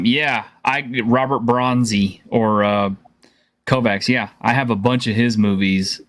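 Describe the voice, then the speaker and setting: A man chatting as a guest on a casual stream, easygoing and relaxed. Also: mid-range voice, measured pace. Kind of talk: casual chat.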